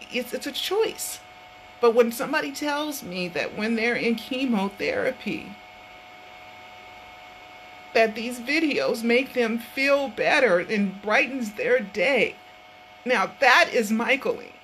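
A woman's voice: a little high, animated, takes it slowly, a bit bright, slight background noise, poor audio. A woman hosting her own online show, talking casually from her home office in an earnest, rambling way, often repeating herself. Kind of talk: casual vlog talk.

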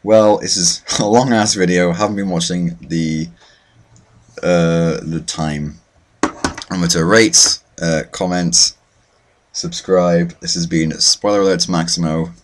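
A man's voice: low-pitched, fairly even intonation, takes it slowly. A young man hosting a let's play, commentating his own matches with self-mocking, mock-boastful trash talk. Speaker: gaming channel host.

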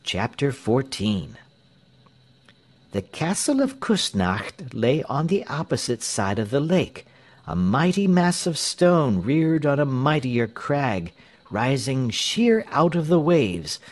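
A man narrating a story in a measured, clear way for English learners. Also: medium pitch, very animated.

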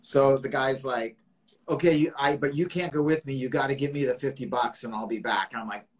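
A man hosting a casual interview chat, telling a story in an animated way, acting out quotes and swearing. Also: mid-range voice, a little fast, low-quality recording. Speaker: host.

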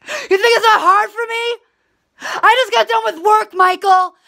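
A woman's voice: on the high side, big pitch swings, a little slow, a bit bright. A woman voicing a furious, entitled woman who screams and swears while demanding money, near tears. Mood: screaming rage.

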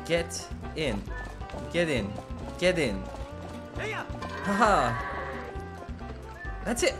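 A man's voice: fairly high pitch, sing-song, extremely slow, pauses often. A man streaming a video game, giving casual, joking commentary and talking back to the characters. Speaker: let's play streamer. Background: game music.

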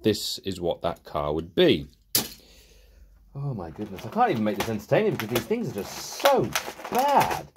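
A young man talks through a casual toy review in a sarcastic, exasperated way. His pitch jumps around a lot as he grumbles and scoffs. The talk is loose, off the cuff commentary. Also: wildly swooping pitch, moderate pace, noisy background.

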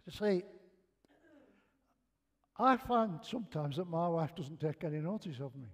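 A man's voice: a little high, lively intonation, unhurried. An older man with a Northern English accent, preaching in a chatty, self-mocking way and acting out the lines of his own stories. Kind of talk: humorous sermon storytelling. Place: church hall.

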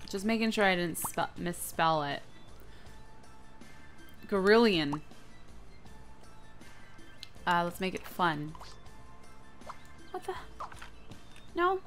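A young woman hosting a gaming channel, giving excitable, playful let's-play commentary with frequent squeals and giggles. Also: lowish voice, takes it slowly, pauses often, faint music behind.

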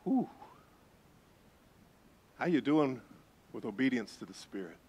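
A middle-aged man, a pastor, preaching a sermon with animated storytelling. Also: medium pitch, a little fast, breathy edge. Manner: animated storytelling, acts out voices.

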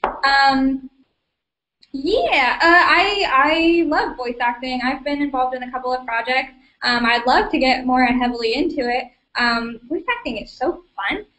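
High-voiced young woman, chatty and giggly. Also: unhurried, pushed and bright, rough recording. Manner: chatty, filler-heavy, giggly. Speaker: livestream host. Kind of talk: casual live Q&A. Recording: low quality stream rip.

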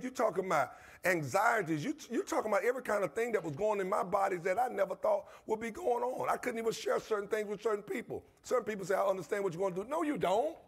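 A man's voice: high voice, vocal fry, breathy edge. A man pastor, preaching a passionate sermon in his church with call-and-response and repetition. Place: church sanctuary.

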